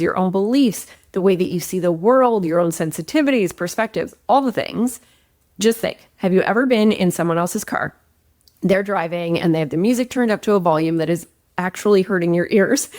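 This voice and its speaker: A woman hosting a relationship-advice show, talking straight to her audience in an expressive, emphatic way that often swings upward. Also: on the low side, no room sound, studio quality. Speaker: relationship coach and host. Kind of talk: direct-to-camera relationship advice talk.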